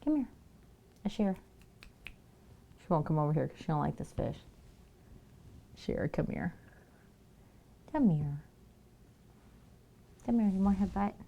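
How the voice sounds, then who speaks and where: A woman's voice: mid-range voice, animated, brisk, creaky, long pauses, mellow, dull audio, slight background noise. A woman live-streaming from home in casual chat. She laughs easily and coaxes her dogs in a raised, playful voice. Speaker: livestreamer.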